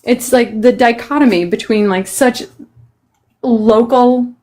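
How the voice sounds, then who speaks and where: A woman's voice: a little high, slow pace, rough recording. A woman hosting a livestream chat, telling stories animatedly and swearing freely. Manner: profane, animated storyteller. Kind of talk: casual heated chat.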